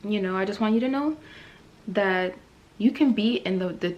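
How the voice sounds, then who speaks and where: A woman's voice: mid-range voice, moderate pace, lo-fi sound, slight background noise. A young woman vlogger giving a casual, emotional faith testimony, rambling and laughing now and then. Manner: emotional, rambling, laughs often, many fillers.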